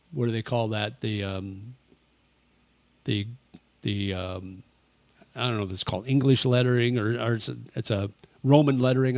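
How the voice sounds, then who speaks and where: A man's voice: mid-range voice, no echo. Laid-back man chatting on a livestream. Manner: relaxed, rambling, many fillers, chuckles often. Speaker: livestream host. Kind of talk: casual chat reading viewer comments. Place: home, living in Thailand.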